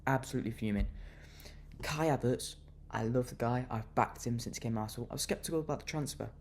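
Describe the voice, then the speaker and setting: A man's voice: medium pitch, fast talker, a little hiss or hum. A young man venting his anger in a fan reaction rant, fuming and repeating himself as he vents. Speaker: football fan vlogger.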